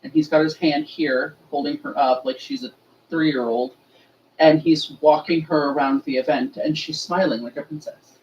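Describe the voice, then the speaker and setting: A woman's voice: low voice, normal speed. A woman leading a remembrance ritual, telling stories casually and acting out the voices of the people in them. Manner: animated, acts out quoted voices, laughs often. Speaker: ritual leader and storyteller. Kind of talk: casual storytelling. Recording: dull distant audio with faint noise.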